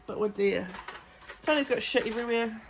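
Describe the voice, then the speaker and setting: A woman's voice: fairly high pitch, fairly quick. A woman from New chatting casually and playfully on a shop vlog. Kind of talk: casual chat. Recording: faint background noise.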